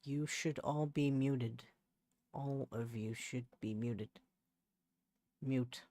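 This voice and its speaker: A male streamer talks his way through his work in a slow, unhurried way, muttering half to himself and trailing into exasperated restarts. The sound is dry and close, with no room around it. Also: mid-range voice, fairly even intonation, dark tone, dry recording. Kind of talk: casual livestream chat while working. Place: home setup.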